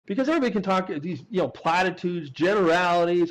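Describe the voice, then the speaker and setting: A man's voice: high voice, brisk, few pauses, poor audio. A man, an accountant guest on an interview show, telling a story with restarts and acted-out quotes. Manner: animated anecdotes with frequent restarts and acted-out quotes. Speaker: CPA guest.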